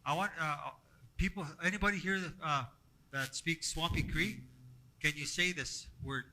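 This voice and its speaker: A man teaching a language workshop to a group, halting and repeating himself as he explains and asks the room questions. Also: on the high side, pushed and bright, low-quality recording. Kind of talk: classroom teaching. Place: classroom.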